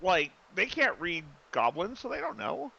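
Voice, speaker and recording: High-voiced male player, dull lo-fi sound. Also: very animated, moderate pace, gravelly, pushed and bright, a little hiss or hum. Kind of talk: casual tabletop game play.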